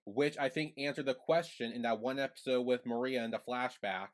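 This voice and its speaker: A man co-hosting a podcast, recapping the plot in a relaxed way with many "like"s and quoted lines. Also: mid-range voice, a little fast. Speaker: podcast co-host. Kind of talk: casual recap chat.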